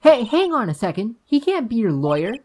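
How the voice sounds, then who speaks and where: A woman voicing an excitable, blunt young woman sidekick who speaks loudly and indignantly in a game dub. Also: a little high, a little fast, slight background noise, pitched above the performer's own voice. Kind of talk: video game voice-over dub.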